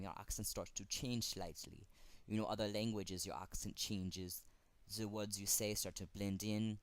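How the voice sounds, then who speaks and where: A man with a German accent speaking earnestly to camera in a fan tribute, halting and pausing often. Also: lowish voice. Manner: earnest, halting, with frequent pauses. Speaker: fan vlogger.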